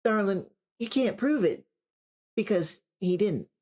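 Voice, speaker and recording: A reader doing a gentle, coaxing older woman. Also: medium pitch, lively intonation, slow pace, pitched above the performer's own voice. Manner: gentle, coaxing, calls people darling.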